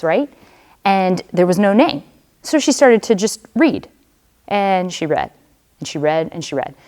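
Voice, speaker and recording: A woman, a religious sister, giving a personal testimony to students in a conversational storytelling manner, speaking straight to them with casual fillers. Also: mid-range voice.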